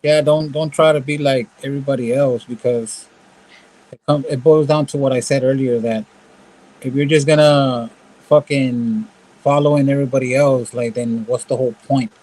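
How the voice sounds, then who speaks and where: A man's voice: medium pitch, steady tone, normal speed, a little mellow, low-quality recording. A man hosting a podcast in casual chat, laid-back and swearing freely. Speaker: podcast host.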